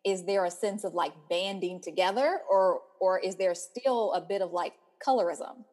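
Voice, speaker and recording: An American woman co-hosting a podcast, relaxed and frank, with casual swearing. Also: mid-range voice, normal speed. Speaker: podcast co-host. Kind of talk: casual chat.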